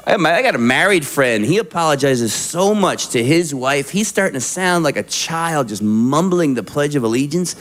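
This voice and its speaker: A man performing stand-up comedy, animated and acting out little voices for his jokes. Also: fairly high pitch, normal speed, few pauses, a little hiss or hum. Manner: animated, acts out voices for the punchlines.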